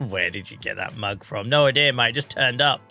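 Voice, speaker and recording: A man's voice: mid-range voice, normal speed, gravelly, pushed and bright, soft background music. A man from the UK with an English regional accent chatting casually on a live gaming stream, a bit under the weather and coughing now and then, laughing often.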